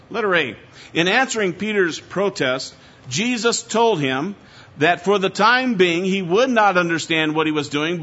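A man preaching an expository sermon, working through the text point by point in a measured, emphatic way. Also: sits high, fairly bright tone, highs cut off. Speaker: pastor.

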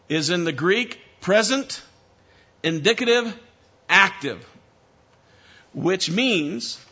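A man's voice: high voice, sharp tone, lo-fi sound. A man preaching an expository sermon, emphatic and direct, calling his listeners beloved and asking for amens.

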